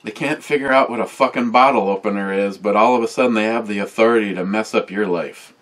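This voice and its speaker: A wisecracking man in his sixties with a fairly low voice hosts a beer review in loose, rambling chat to camera. He swears freely, wanders off topic and trades jabs with his voice assistant. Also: fast talker, a bit bright. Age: 60s. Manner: talks back to a voice assistant.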